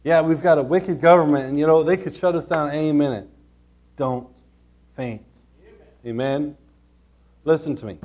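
A man's voice: a little high, fairly quick, a little mellow. A man preaching a sermon, telling stories and then urging his listeners on with a repeated refrain. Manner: storytelling, urgent exhortation with repeated refrains.

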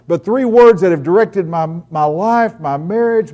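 A middle-aged man preaching a sermon as pastor, swinging between loud emphatic lines and hushed storytelling. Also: sits high, a little slow, few pauses.

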